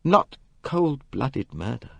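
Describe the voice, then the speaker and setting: A man with a lowish, very animated voice reads an audiobook, with no echo in the recording. He voices a bewildered, injured young man, stammering and halting as the character.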